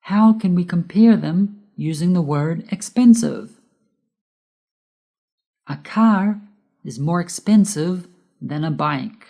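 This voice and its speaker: A woman whose first language is Spanish, reading a scripted grammar lesson slowly and deliberately, spelling out letters and stressing key words. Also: on the low side, animated, vocal fry, dark tone. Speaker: English teacher.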